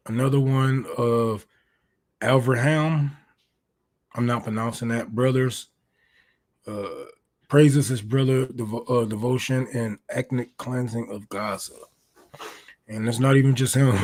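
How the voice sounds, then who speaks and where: A man talks loosely and rambles through casual political commentary, as a livestream host. His voice sits at a middle pitch. He often breaks into incredulous, mocking rants and swears freely. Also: fairly even intonation, unhurried, long pauses, darkish tone.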